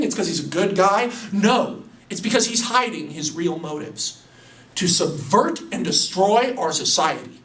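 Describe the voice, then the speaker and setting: A man putting on a smug billionaire villain who lectures in grand, sweeping declarations. The voice sits high and lively. It sounds roomy and a little off-mic. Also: recorded from a distance. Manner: grandiose speechifying.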